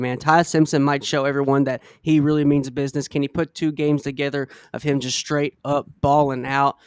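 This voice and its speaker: A man's voice: a little high, clean tone, no echo, clean studio sound. A man hosting a casual sports podcast, rambling a bit and saying "man" often. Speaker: podcast host.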